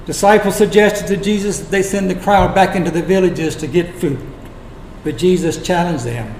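A man preaching a sermon, retelling scripture as dramatic storytelling with long pauses. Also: high voice, darkish tone, a little hiss or hum. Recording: echoey room.

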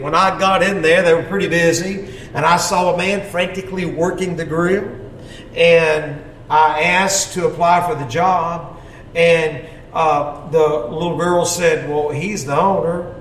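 A man preaching a testimony as a folksy storyteller, acting out quotes with sudden shouts. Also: fairly high pitch, fairly even intonation, a little slow, a little hiss or hum. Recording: echoey hall, mic far off.

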